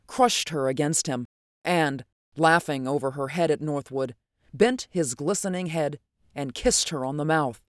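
A narrator reading fiction aloud in an even, steady storytelling cadence. The voice sits at a middle pitch, recorded dry and close with no room sound. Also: a little slow, no echo. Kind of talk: audiobook narration.

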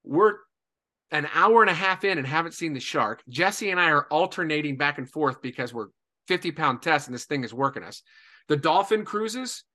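A man in his forties from Indiana, a podcast guest telling a lively anecdote with lots of "and, uh" fillers. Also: a little high, moderate pace. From Indiana, USA. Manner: lively storyteller, many "and, uh" fillers. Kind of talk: animated anecdote.

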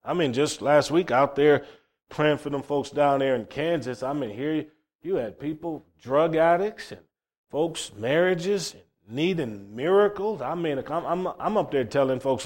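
A preacher man delivers a sermon in a fairly high voice. He is folksy and fervent, stumbles over repeated words, then climbs to loud, emphatic peaks. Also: lively intonation, measured pace. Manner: folksy, repeats words when starting phrases.

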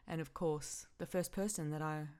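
Grieving woman with a low voice. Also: steady tone, mellow, clean tone. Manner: halting, emotional, repeats herself. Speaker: podcast host. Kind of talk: personal podcast monologue.

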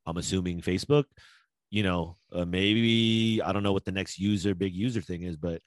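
A man's voice: sits low, fairly even intonation, normal speed, no room sound. A man in casual chat, ranting with heavy profanity. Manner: profane, heated rants.

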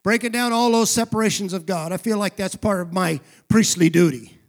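A male pastor preaching a sermon, calling for responses from the congregation and rising to shouted emphasis. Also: high-pitched, fairly quick, creaky. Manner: drops to a quiet aside voice for asides.

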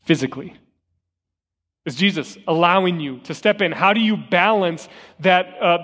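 A man's voice: on the high side, a bit bright. A middle-aged man, an interim lead pastor, preaching a conversational sermon with storytelling and rhetorical questions in a church sanctuary. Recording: long reverb of a church hall.

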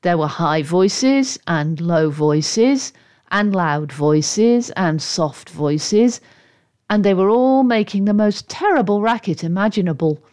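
A woman narrates a children's storybook slowly and expressively. Her pitch rises and falls a lot, and her tone is playful. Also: lively intonation, darkish tone. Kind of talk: storybook read-aloud narration.

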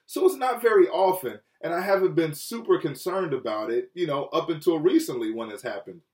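Man, pastor, sermon, earnest, soft low drops, slightly distant mic. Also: animated, a little fast, echoey room. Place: Chicago.

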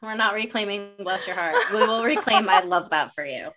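A middle-aged woman co-hosting a casual podcast chat, an animated storyteller who swears freely and acts out quotes. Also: mid-range voice, moderate pace, crowd noise. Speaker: podcast co-host.

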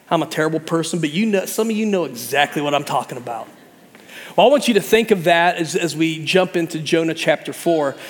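A man's voice: fairly high pitch, animated, brisk, in a large hall. A man preaching a sermon as pastor, conversational and humorous, often acting out the people he describes.

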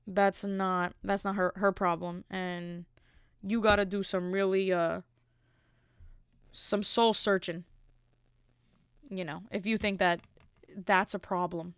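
A woman's voice: mid-range voice, steady tone, measured pace, pauses often, clean tone, dry recording, studio quality. A woman in her thirties talking casually and indignantly, rambling with lots of filler words. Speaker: commentator. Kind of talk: casual opinion talk.

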